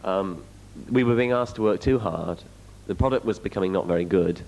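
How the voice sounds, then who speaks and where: A man's voice: deep voice, brisk, creaky, a little mellow, low-quality recording. A young English man with an English accent, answering fan questions bluntly and candidly on a panel. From England. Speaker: guest actor. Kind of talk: fan convention Q&A.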